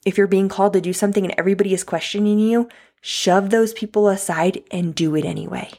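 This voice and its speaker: Earnest woman with a gravelly husky voice. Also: medium pitch, fairly even intonation, fast talker, mellow. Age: 30s. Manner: earnest, heartfelt, direct address to listener. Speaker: podcast host. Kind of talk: reflective motivational monologue.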